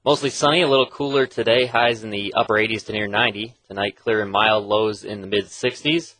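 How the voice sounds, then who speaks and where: A man's voice: lowish voice, steady tone, brisk, pushed and bright, dry recording, rough recording. A man, the show's producer, reading a weather forecast on a radio show.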